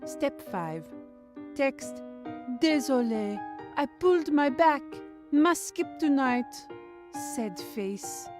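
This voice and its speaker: A woman doing a deadpan film voiceover narration in a put-on French accent. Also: high voice, slow, heavily acted. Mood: dry. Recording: narration over piano music.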